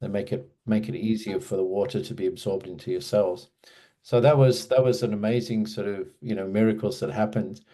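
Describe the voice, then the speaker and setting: Being interviewed, this Australian in his sixties wanders through his memories, often restarting and drifting into asides. He speaks briskly in a low, mellow voice with fairly even intonation.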